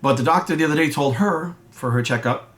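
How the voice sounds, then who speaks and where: Fast and a little high, the fitness coach's slightly bright voice carries a blunt, casual rant to camera. He swears a lot and performs the voices of people he quotes.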